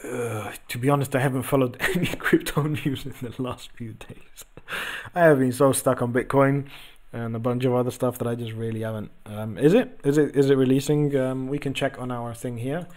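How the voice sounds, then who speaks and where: A man's voice: medium pitch, steady tone, normal speed, darkish tone. Chatty man hosting crypto commentary. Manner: loose and chatty, lots of ums and uhs. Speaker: host of a crypto trading channel. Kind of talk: casual chart commentary, reading viewer messages.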